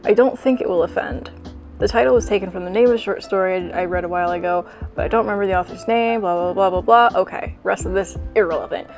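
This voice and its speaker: A woman's voice: mid-range voice, fast, a little mellow, faint music behind. A woman hosting a video, mixing wry, sarcastic commentary with reading a story aloud. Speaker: fanfic reading host.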